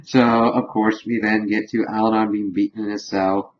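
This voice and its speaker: A man with a fairly low voice retells a TV episode in a loose, rambling way, quoting the characters without really acting them out. The recording sounds a bit dull and lo-fi, like a home setup. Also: level tone, moderate pace, slight background noise. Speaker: show reviewer. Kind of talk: casual recap of an episode.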